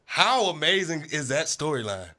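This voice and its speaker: Animated man ranting about sports. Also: fairly high pitch, normal speed. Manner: animated, emphatic, repeats himself for emphasis. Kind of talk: casual sports debate.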